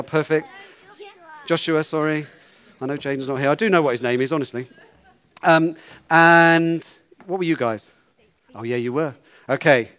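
A man's voice: fairly high pitch, fairly bright tone, clear, resonant tone. A man leading a children's talk in church, playful and coaxing, giving instructions.

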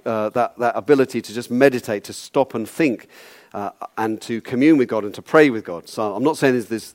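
A man preaching a sermon in a conversational, wry way, often repeating words as he goes. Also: medium pitch.

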